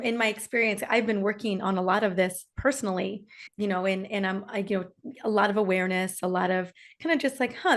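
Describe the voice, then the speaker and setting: Female podcast host with a middle-pitched voice, curious and reflective, thinking aloud as she speaks. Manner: curious, reflective, with frequent restarts. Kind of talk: podcast conversation.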